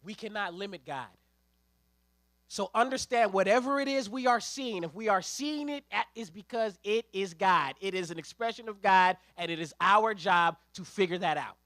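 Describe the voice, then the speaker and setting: Male preacher, very high and bright voice, dry close sound, lively storytelling sermon with slang. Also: moderate pace, dry recording. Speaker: ministerial intern preaching.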